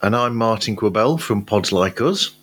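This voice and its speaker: A man co-hosts a podcast and walks through band history with chatty asides. His voice sits on the low side. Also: lively intonation, moderate pace, a bit bright, husky. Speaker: podcast co-host. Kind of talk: casual chat.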